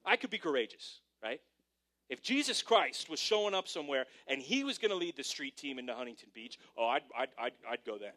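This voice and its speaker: A male pastor delivering a sermon to a congregation, preaching animatedly and swinging between hushed and emphatic delivery. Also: medium pitch, lively intonation, brisk. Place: church service before a congregation.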